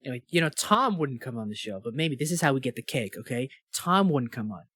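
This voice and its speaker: Animated rambling young man on a podcast. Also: mid-range voice, quick pace. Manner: rambling, animated, lots of fillers and impressions. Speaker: podcast co-host. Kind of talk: casual chat.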